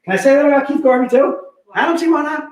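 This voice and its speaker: A man hosting a live comic book sale, pitching deals in energetic, repetitive, joking hype talk. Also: quick pace. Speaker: host selling comic books. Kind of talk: live online sales pitch. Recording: echoey room.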